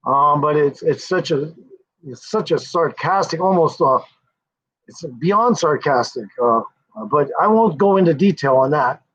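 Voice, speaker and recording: An American man hosts a casual livestream over dull lo-fi audio, rambling, swearing and chuckling often as he talks to viewers. His voice is a little high and a bit bright, animated and a little slow.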